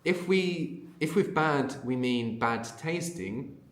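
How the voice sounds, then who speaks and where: A man's voice: fairly high pitch, lively intonation, slow pace, roomy sound. A man teaching a language lesson. He explains patiently and often checks in with a questioning "no?".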